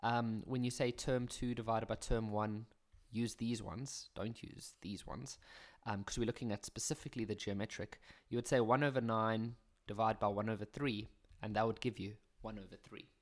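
A man's voice: fairly low pitch, fairly even intonation, brisk. South african guy explaining maths exam questions, chatty and jokey, teases himself now and then. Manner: chatty, jokey, self-mocking asides. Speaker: maths teacher. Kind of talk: casual maths exam walkthrough.

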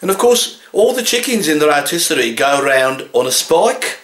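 A man's voice: a little high, sing-song, moderate pace, fairly bright tone, reverberant. A man in his sixties with a Birmingham accent, playing a chatty, jolly butcher who tells rambling comic anecdotes with frequent chuckles. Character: chatty older male butcher, jolly and exasperated. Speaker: comedy butcher character.

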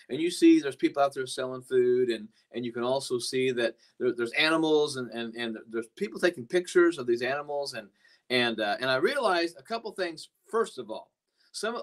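A man preaching earnestly on a podcast, rambling at times with many restarts. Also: a little high. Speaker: pastor. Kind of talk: podcast sermon talk.

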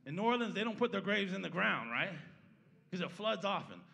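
A man's voice: high voice, big pitch swings, a little fast, gravelly, bright, forceful tone, big-room sound. A man pastor preaching a sermon in a church, talking conversationally and often checking in with the congregation. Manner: conversational preaching, keeps asking the congregation "right?"; opens with a prayer, then teaches the Bible passage. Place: church sanctuary.

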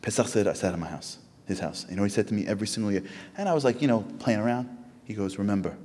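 An American man telling a lively story to an audience, acting out the voices of the people in it. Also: very fast. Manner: animated, acts out quoted voices in a high pitch. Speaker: Jewish speaker. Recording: echoey hall with long reverb.

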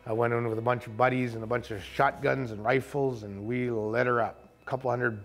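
Gravelly man telling a story. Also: mid-range voice, steady tone, fairly quick, a bit bright. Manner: vivid storyteller who acts out quoted speech. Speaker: camp owner recounting an encounter. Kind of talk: animated storytelling interview. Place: outdoors in a forested coastal camp.

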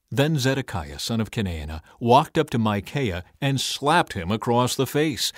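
A man narrating an audio Bible reading in a measured, even way. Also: mid-range voice, no echo, clean studio sound. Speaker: Bible reader. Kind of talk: scripted scripture narration.

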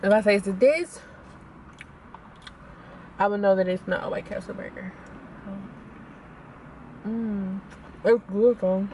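A woman's voice: medium pitch, slow, pauses often, a little hiss or hum. A young woman, chatting casually to viewers as she reviews food in a car on her phone. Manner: chatty, animated, talks to viewers as y'all. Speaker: vlogger.

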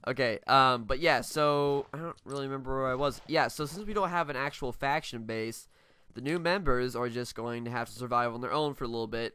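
Casual male gamer co-host, nasal, bright voice, loose and rambling. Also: medium pitch, clear, resonant tone. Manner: rambling, filler-heavy, laughs often. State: nasal, voice changed by a cold. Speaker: Minecraft channel co-host. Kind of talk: casual gameplay commentary.

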